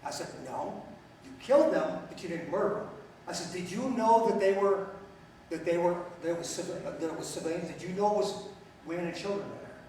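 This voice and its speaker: A man's voice: high voice, brisk, a little mellow, a little hiss or hum. A middle-aged man giving a talk to an audience, telling stories bluntly with jokes and questions to the crowd. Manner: storytelling, blunt and joking, asks the audience questions. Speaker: speaker. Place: lecture hall. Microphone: far from the mic. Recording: very echoey hall, speaker far off.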